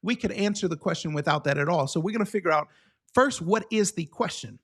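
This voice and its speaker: A man with a high-pitched voice teaches a live online exam-prep class. He talks with lively energy and keeps checking in with the viewers. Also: brisk.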